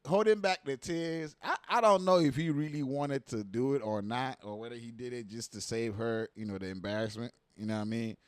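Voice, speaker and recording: A man giving casual reaction commentary, animated and profane, full of slang and repeated asides like "you know what I mean.". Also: medium pitch, brisk, hardly any pauses, smooth, no room sound.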